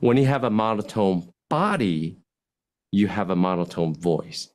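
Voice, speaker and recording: A man, a physician, giving speaking advice as a podcast guest, animated and lively, swinging his voice up and down and acting out example lines in contrasting tones. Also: measured pace. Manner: animated, swings pitch widely to demonstrate points. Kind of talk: podcast interview, coaching talk.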